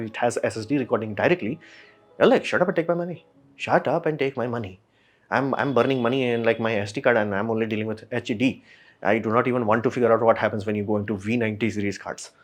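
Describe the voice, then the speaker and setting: Man, ranting tech review, animated, acts out replies, mid-pitched voice. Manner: animated, frustrated, acts out imagined company replies. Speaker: camera reviewer.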